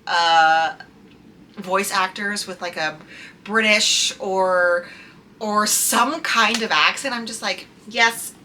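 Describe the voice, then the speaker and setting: Taking it slowly, this young woman from the United States has a mid-range voice that's bright and forceful, with some hiss or hum audible. She's a book reviewer chatting casually and gushing about favorite books, with plenty of "like" fillers.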